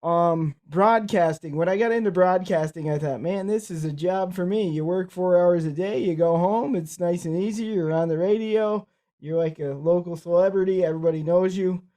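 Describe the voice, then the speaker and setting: A man with cerebral palsy co-hosts a podcast in easy, wandering conversation. His voice is mellow and dark, and he often doubles back on his words mid-sentence. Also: high voice, fairly even intonation, normal speed. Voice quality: speech affected by cerebral palsy. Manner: rambling, repeats words and restarts. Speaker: podcast co-host. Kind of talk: casual conversational storytelling.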